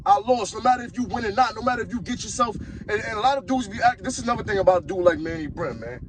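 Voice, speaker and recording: Animated and racing, a man with a high voice rants over a noisy background on his podcast. Hailing from Harlem, New York, he mocks bluntly in heated street talk.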